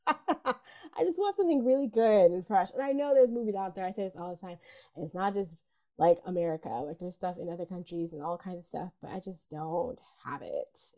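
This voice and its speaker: A woman's voice: fairly low pitch, gravelly, warm tone. A woman co-hosting a film podcast in casual chat, candid and worn out, swearing casually and laughing often. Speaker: podcast co-host.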